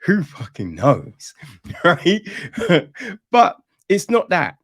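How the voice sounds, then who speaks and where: A man tears into a film in a loose, sarcastic podcast rant, cursing as he goes. His voice sits fairly high and swoops about expressively, yet he takes his time over every point. The sound is close and dry, with no room around it. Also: huge pitch swings, extremely slow, fairly bright tone, no echo. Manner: sarcastic, swears freely, mocks the film; rambling with restarts and "you know what I mean". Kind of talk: casual ranting film review.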